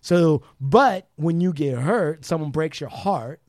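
A man hosting a podcast with a somewhat high voice, sounding dry and close to the mic. He chats casually and probes with questions, slipping into quoted asides as he talks. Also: expressive, slow, a little mellow, no echo. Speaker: podcast host. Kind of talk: casual chat.

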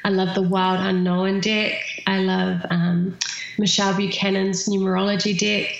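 Nz woman, guest on a podcast, gravelly voice, lots of ums, really echoey room. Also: mid-range voice, flat delivery, moderate pace, muffled recording. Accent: New Zealand. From New Zealand. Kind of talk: casual podcast interview.

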